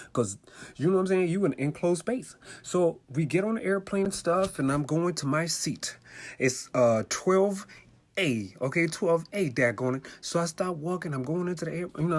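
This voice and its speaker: A young man from Washington, D.C., telling a comic story casually and acting out the other people's voices. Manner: animated, acts out voices with high squeals.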